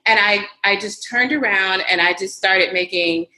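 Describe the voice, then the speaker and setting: An animated woman in her forties tells her story as a podcast guest. Her voice is bright and forceful, and it rings out in a roomy space. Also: medium pitch, moderate pace. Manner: animated, acts out quoted voices. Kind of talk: casual storytelling. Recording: roomy echo.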